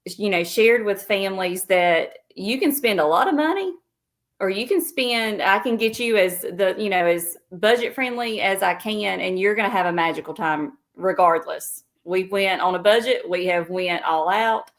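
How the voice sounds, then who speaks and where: A woman's voice: medium pitch, normal speed. A woman with a Southern US accent and a mid-range voice answers interview questions. She speaks plainly and modestly, often wandering off on tangents. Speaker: travel agent guest. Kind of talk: casual interview.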